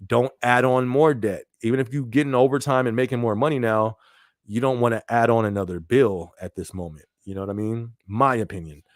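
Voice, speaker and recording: A man's voice: mid-range voice, steady tone, fairly quick, no room sound, studio quality. A man hosting a casual live-stream podcast, talking loosely and often checking in with "you know what I mean.". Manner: conversational, repeats phrases, frequent "you know what I mean". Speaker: podcast host.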